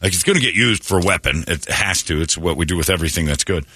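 Deep-voiced man, husky, dry studio sound, radio host telling a story. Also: fast, dry recording. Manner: storytelling, animated, slips into impressions. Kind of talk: casual radio banter.

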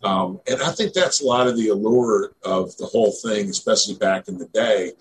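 A middle-aged man from Missouri speaks in a fairly low voice, looping through his memories with plenty of "you know" and "man". His talk is relaxed, conversational and digressive, like a guest on a podcast. A faint hiss of noise sits underneath the recording. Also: moderate pace. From Northeast Missouri, USA. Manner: rambling, heavy on fillers like "you know" and "man". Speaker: guest, former pro wrestler. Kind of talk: casual interview storytelling.

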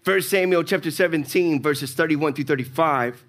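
A man's voice: fairly high pitch, normal speed, faint music behind. A male pastor with a Southern US accent, preaching a sermon and acting out the characters in his stories. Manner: animated storytelling, acts out characters.

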